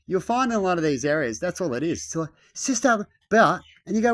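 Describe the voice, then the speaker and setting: A man in a casual rambling rant. He swears often and acts out the voices he quotes, often loudly. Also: on the high side, very animated, brisk, hardly any pauses.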